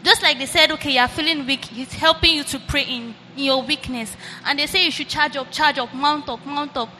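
A woman from the congregation asking the pastor a question into a handheld mic, hesitant and halting. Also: high-pitched, bright, forceful tone, a little hiss or hum. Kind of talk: question from the floor. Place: church hall. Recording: reverberant hall with faint ambience.

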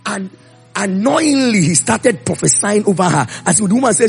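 A man's voice: high voice, a little fast, gravelly, soft background music. A man preaching a sermon, telling Bible stories and acting out the voices of the people in them. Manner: animated storytelling, acting out voices.

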